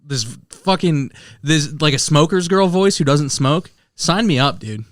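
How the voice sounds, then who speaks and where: A man's voice: a little high, lively intonation, measured pace, no room sound, studio quality. A young man co-hosting a podcast, rambling loosely in casual chat with frequent swearing. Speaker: podcast co-host.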